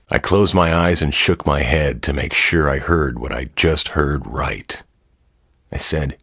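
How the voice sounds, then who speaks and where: A man narrating a first-person story in a measured, wry delivery. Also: very deep voice, creaky, a bit bright, husky, no room sound, clean studio sound.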